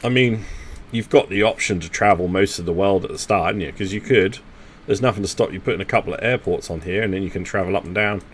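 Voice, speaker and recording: A man's voice: sits low, quick pace, slight background noise. A man, chatting casually with teammates while live streaming a strategy game and thinking aloud. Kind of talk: casual gaming commentary talking to teammates.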